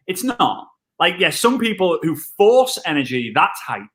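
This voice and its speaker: A man, an energetic and jokey network marketing trainer chatting on a live stream. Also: on the high side, a little fast, few pauses. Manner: excitable, jokey, wordplay.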